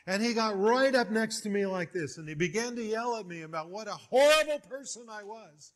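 A man preaching a sermon, telling stories with big swings in pitch and loudness. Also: lively intonation, fairly quick. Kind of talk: sermon with storytelling.

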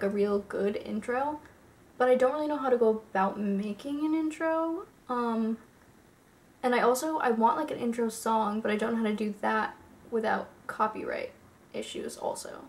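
A woman's voice: a little high, darkish tone, a little hiss or hum. A young woman chatting casually to her viewers in a rambling vlog, full of fillers. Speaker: YouTuber.

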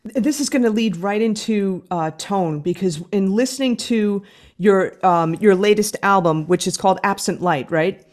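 A woman hosts an interview podcast, chatty and enthusiastic, often catching and correcting herself mid-sentence. Her voice sits at a medium pitch. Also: moderate pace, a little mellow. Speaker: podcast host. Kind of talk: interview questions.

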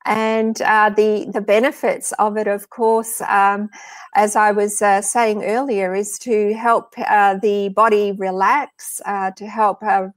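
An Australian woman speaks as a guest on a live video chat. She talks in a halting way, full of fillers and restarts. Her voice sounds dry and close to the mic. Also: medium pitch, flat delivery, no room sound. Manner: hesitant, many fillers and restarts.

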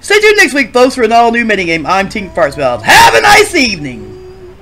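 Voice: medium pitch, huge pitch swings, normal speed, pushed and bright, voice pushed up. A performer voicing a cheesy, upbeat male game show host in a Sims machinima. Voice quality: brash, upbeat host delivery.

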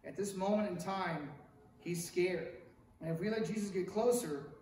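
Male pastor, middle-aged, sermon, storytelling with acted quotes, high voice, far from mic, big echo. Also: moderate pace, darkish tone, slight background noise. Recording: echoey room picked up from a distance.

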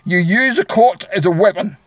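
A man's voice: high voice, normal speed, dry recording. A man with an Australian accent delivering an angry, combative rant straight to his viewers, repeating himself as he goes. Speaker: vlogger. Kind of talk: angry direct-to-camera rant.

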